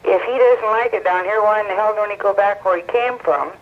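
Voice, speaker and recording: Indignant high-voiced caller man. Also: fairly quick. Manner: indignant, scolding. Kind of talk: radio call-in. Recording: tinny phone line on 1970s radio.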